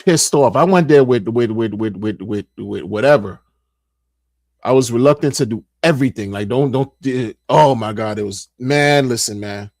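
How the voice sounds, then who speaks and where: A middle-aged man, a streamer, telling a casual story in an animated way, repeating phrases and acting out what people said. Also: medium pitch, normal speed, gravelly, no room sound, clean studio sound.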